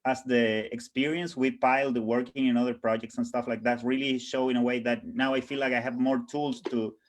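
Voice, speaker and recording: A man talking earnestly as a panel guest, often pausing to search for words. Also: mid-range voice, level tone, slight background noise. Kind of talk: casual panel chat. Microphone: video call.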